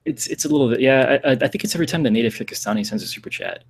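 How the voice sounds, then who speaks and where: A man's voice: mid-range voice, rapid-fire, a little hiss or hum. An American man in his twenties, a guest on a livestream call, talking in a hesitant, self-deprecating way with many ums and restarts. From United States. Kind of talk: casual livestream chat.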